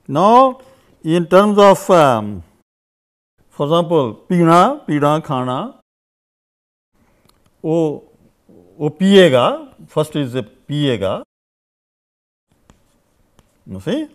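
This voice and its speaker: A man's voice: on the high side, very animated. Man explaining grammar. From India. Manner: explains slowly with many "you see" and "uh" fillers; repeats example phrases in two languages. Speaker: language teacher. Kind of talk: unscripted grammar lecture.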